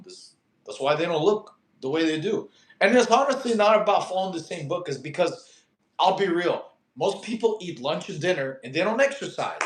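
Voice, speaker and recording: A young man hosting a casual fitness livestream and answering viewer questions, animated and slangy, telling stories and calling listeners bro and dude. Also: fairly high pitch, roomy sound.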